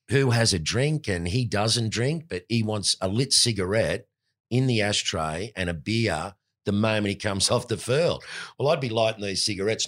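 Deep-voiced Australian man telling stories. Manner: animated anecdotes, mimics voices in quotes. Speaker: former cricketer, guest. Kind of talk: storytelling interview.

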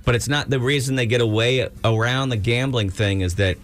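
A man's voice: medium pitch, brisk. A male radio show host in casual chat, teasing and ribbing his cohosts.

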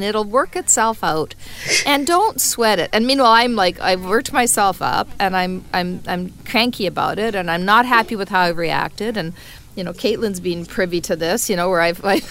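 A woman's voice: mid-range voice, vocal fry, fairly bright tone. A middle-aged woman co-hosting a podcast, talking earnestly in casual heartfelt chat, often restarting her sentences. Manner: earnest, restarts and repeats words. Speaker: podcast co-host.

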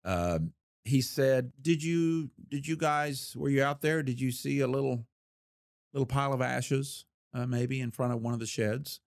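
A man's voice: mid-range voice, unhurried, vocal fry, dry recording, clean studio sound. A man, a former federal investigator, telling a case story in a folksy, plain-spoken interview manner and acting out the voices he quotes.

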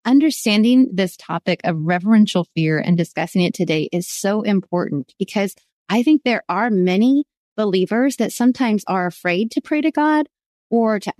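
A woman's voice: medium pitch, darkish tone, no echo, clean studio sound. A woman co-hosting a Bible study podcast, talking earnestly and confessionally. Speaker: co-host.

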